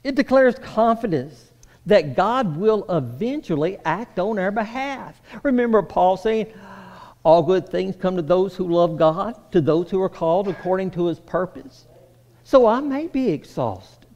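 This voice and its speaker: A man preaching a sermon, swinging between raised, emphatic lines and hushed, low passages. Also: lively intonation, measured pace. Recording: long reverb of a hall.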